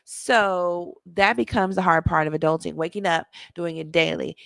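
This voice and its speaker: A woman's voice: lowish voice, fairly even intonation, moderate pace, gravelly, a bit bright, no echo. Chatty emphatic woman vlogger, dry sound. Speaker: parenting vlogger. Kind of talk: casual monologue to camera.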